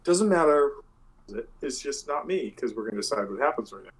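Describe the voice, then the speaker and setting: A man's voice: medium pitch, expressive, fast talker, poor audio. A man narrating a tabletop game as game master, rambling and searching for words.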